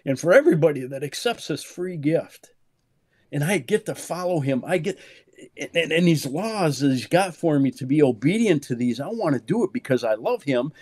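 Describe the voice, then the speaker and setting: A man's voice: animated, normal speed, no room sound. Emphatic pastor in his fifties, dry sound. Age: 50s. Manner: emphatic, swings from low murmurs to loud high exclamations; peppers speech with "man", repeats words for emphasis. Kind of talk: animated conversational preaching.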